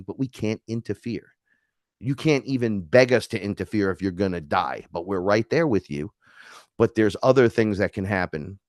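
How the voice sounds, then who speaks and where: A man from New York, a podcast guest, telling stories in a casual, animated way, swearing and acting out the dialogue. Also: lowish voice, no room sound, studio quality. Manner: animated, profane, acts out quoted dialogue. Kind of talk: casual storytelling conversation.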